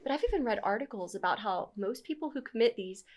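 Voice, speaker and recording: A woman's voice: fairly high pitch, lively intonation, quick pace, a little mellow. A woman audit manager talking as a guest on a podcast, earnest and openhearted, with light laughter. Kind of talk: casual interview chat.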